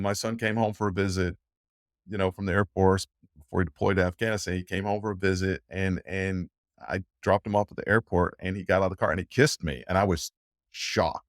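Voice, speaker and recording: In a conversational interview, an older male guest with a low-sitting voice rambles emotionally, breaking into frequent laughter and restarting often. The sound is dry and clean, like a studio recording.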